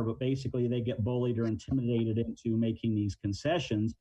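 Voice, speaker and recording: A man's voice: mid-range voice, steady tone, quick pace, hardly any pauses, dark tone, no echo, highs cut off. A middle-aged man, a crisis negotiation trainer, answering interview questions in a plain-spoken way and explaining with everyday examples.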